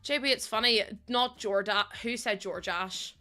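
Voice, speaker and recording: A woman's voice: mid-range voice, moderate pace, pushed and bright, faint music behind. A young British woman streaming live from home, chatting casually with viewers, laughing often and swinging between playful squeals and mock grumbling. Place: home room.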